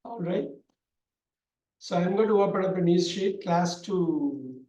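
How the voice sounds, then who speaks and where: A man teaching an online grammar class, talking loudly and repeating himself with many fillers. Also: high voice, measured pace. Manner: loud, repetitive explaining with many fillers. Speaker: English teacher. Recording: echoey room.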